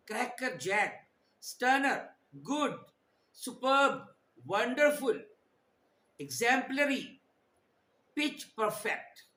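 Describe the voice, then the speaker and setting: A man giving a slow, deliberate English vocabulary lesson, reading out lists of words one by one. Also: high-pitched, pushed and bright, roomy sound, rough recording. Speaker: English teacher.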